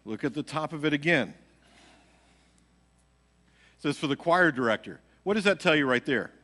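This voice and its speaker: Pastor, man, chatty storytelling sermon, acts out voices; bright tone, live hall reverb. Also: a little high, normal speed. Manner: animated, acts out quotes, laughs at own story. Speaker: pastor teaching a midweek Bible study. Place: church sanctuary.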